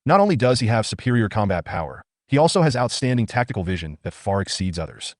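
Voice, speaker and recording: Fast-talking low-voiced male narrator. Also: no room sound, clean studio sound. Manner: brisk, steady storytelling read. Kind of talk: manga recap narration.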